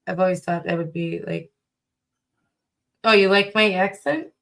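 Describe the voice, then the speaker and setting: A woman's voice: lowish voice, steady tone, unhurried, gravelly, a bit bright. Woman with a chicago accent, casual livestream co-host, teasing and chatty. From Chicago area.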